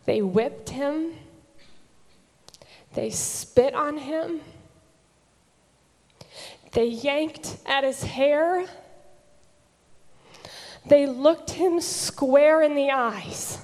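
A woman speaks at a very unhurried pace, with long pauses, her voice a little higher than most. She sinks to a near whisper on the key words of her devotional reflection. A long echo of a large hall carries every phrase. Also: a little mellow. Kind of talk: slow dramatic devotional reflection.

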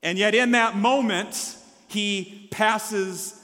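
A male pastor preaching a sermon, energetically leading the congregation in call-and-response and dropping into quiet asides. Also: sits high, extremely slow, long reverb tail. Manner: shifts between loud exhortation and quiet asides. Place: church sanctuary.

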